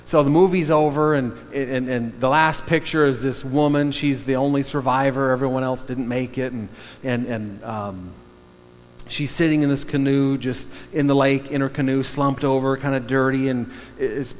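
A middle-aged man telling a story in a sermon, halting, with many fillers and restarts. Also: medium pitch, fairly even intonation, long reverb tail.

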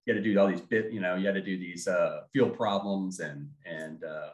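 A middle-aged man, a former Army officer, telling his story in an interview, halting, with many fillers and restarts. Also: sits low, fairly even intonation. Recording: echoey room.

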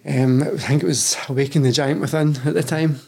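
A Scottish man in his thirties chats openly as a podcast guest. His voice sits a touch high, with a husky, gravelly edge. He swears casually and keeps calling the host "mate". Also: fairly even intonation, a little fast, darkish tone. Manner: candid, sweary, says "mate" constantly. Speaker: guest, personal trainer.

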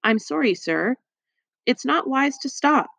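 A woman's voice: high voice, lively intonation, measured pace, creaky, a bit bright, no room sound, voice pushed up, heavily acted. A woman voicing a polite, eager hospital porter in an audiobook, always deferential. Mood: apologetic.

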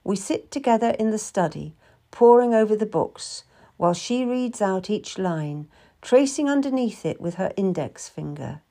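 A woman narrating a historical novel in first person, in a measured, calm storytelling manner. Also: mid-range voice.

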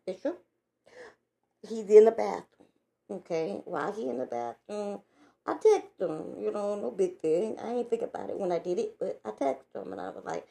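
Woman venting her story, lots of cussing, dark gravelly voice. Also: medium pitch. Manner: blunt, profane, animated retelling. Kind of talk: casual storytelling vlog.

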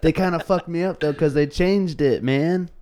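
A man's voice: on the high side, moderate pace, a crowd in the background. A young man co-hosting a podcast in casual chat, laid-back and joking, swearing and laughing often. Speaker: podcast co-host. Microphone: studio podcast mic.

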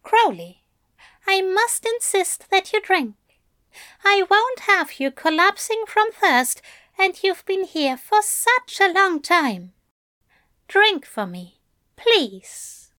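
A woman voicing a soft-spoken, doting male angel who is fussy and controlling, in a gentle, coaxing and prim manner. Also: extremely high pitch, big pitch swings, slow pace, no room sound, studio quality, pitched above the performer's own voice, heavily acted. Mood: insistent. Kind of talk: audiobook character voice.

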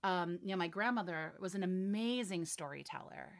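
A woman in her forties, a voiceover artist and director, chatting in an interview with lively, emphatic energy and frequent laughs. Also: lowish voice, normal speed. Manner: animated, laughing, emphatic storytelling. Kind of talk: casual interview chat.

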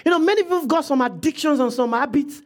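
High-voiced, emphatic preacher. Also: quick pace. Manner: emphatic, repetitive, bursts of shouting. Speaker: pastor. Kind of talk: sermon.

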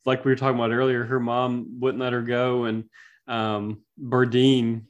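A man co-hosting a casual movie podcast, relaxed, steering the talk from one topic to the next. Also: mid-range voice, moderate pace, muffled recording. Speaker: podcast co-host.

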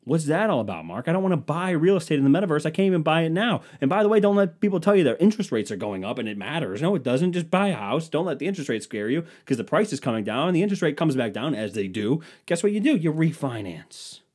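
A young man hosting his own podcast, ranting in a worked-up way that swings from loud outbursts to low mutters. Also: very animated, racing, hardly any pauses. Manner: worked-up ranting, swinging between shouting and mumbling. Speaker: podcast host. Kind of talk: solo podcast rant.

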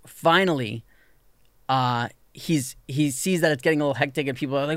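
A man's voice: on the high side, fast talker, no echo, studio quality. A man telling a long story in casual podcast chat, full of "like" and acting out what people said. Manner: animated storyteller, lots of "like", acts out quoted people.

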